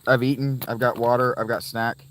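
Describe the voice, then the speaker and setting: A man's voice: mid-range voice, little pitch movement, fairly quick, fairly bright tone, slight background noise. A man in his fifties hosting a casual livestream outdoors from his phone, chatting with viewers and rambling between thoughts. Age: 50s. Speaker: livestream host. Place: outdoors by a fountain.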